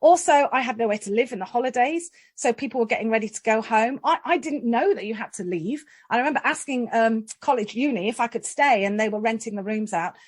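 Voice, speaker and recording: A woman in her forties, a guest in an interview, telling lively stories with self-deprecating humour and frequent laughs. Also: a little high, fairly quick, hardly any pauses. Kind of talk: interview storytelling.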